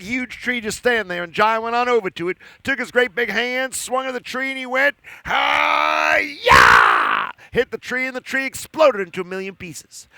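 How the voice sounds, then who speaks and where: A man's voice: sits high, bright, forceful tone, smooth, no echo. A man telling a story live to children at an outdoor park event, playful and silly, talking to the kids as he goes.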